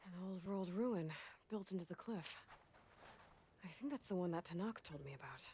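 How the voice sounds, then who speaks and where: An actress voicing a curious young female explorer in a video game, speaking in calm, measured dialogue. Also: on the low side, soft background music, natural voice.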